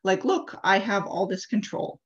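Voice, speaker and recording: A woman's voice: medium pitch, unhurried, voice pushed up, lightly acted. A woman voicing a comical, buffoonish male demon tempter who schemes and blusters in casual speech, on a dull video call recording. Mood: indignant.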